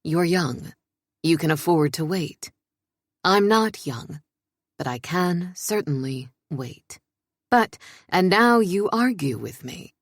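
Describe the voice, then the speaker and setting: A woman's voice: lowish voice, animated, takes it slowly, dry recording, clean studio sound, full character voice. A woman voicing a stern, grave king. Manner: clipped and commanding.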